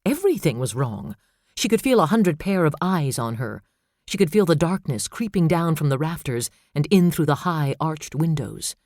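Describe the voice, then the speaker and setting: A man narrating a suspense novel in steady, measured storytelling. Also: fairly high pitch, no room sound, clean studio sound. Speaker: audiobook narrator. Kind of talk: scripted narration.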